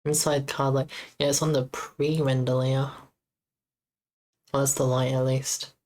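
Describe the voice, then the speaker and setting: A woman streaming as she debugs her game, muttering to herself in a halting, casual way. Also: extremely low pitch, flat delivery, a little mellow. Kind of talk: casual live-stream coding commentary.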